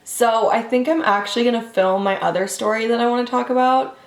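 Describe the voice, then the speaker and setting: A woman's voice: on the high side, echoey room. Chatty young woman telling a story. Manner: chatty, quick, filler-heavy; animated voices when quoting people. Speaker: vlogger. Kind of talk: casual storytime.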